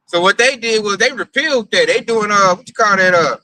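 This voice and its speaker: A man's voice: sits high, a little fast, pushed and bright, no room sound, low-quality recording. A man preaching in a casual, emphatic and profane way, mocking his targets as he talks.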